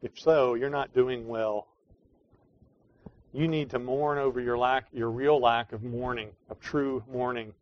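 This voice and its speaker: A man preaching a sermon as pastor, earnest, moving between quiet pleading and emphatic declarations. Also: medium pitch, fairly even intonation, measured pace. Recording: dry, dull lo-fi sound.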